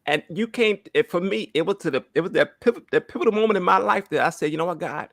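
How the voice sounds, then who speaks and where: His voice is high-pitched and fairly bright with vocal fry, and he talks fast, with no room sound around him. He's in his thirties, giving a heartfelt church testimony while fighting back tears, repeating himself and asking "right?" again and again.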